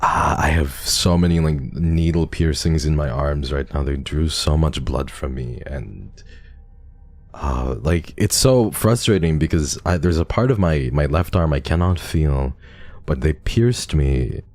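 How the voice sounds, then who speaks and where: A man's voice: rumbling low, lively intonation, unhurried, a little mellow, no echo. A man streaming live, chatting casually and telling a rambling story with lots of restarts. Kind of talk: casual livestream chat.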